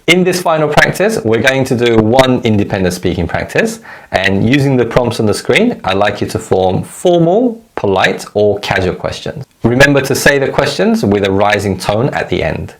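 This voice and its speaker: A man teaching a recorded language lesson, giving clear, measured explanations and modeling example phrases for learners to repeat. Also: mid-range voice, big pitch swings.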